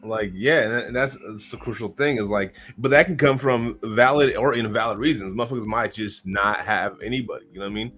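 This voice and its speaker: A man's voice: lowish voice, a little fast, hardly any pauses, a bit bright. Laid-back man from the US Northwest. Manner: laid-back, profane, laughs between points. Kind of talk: casual podcast conversation.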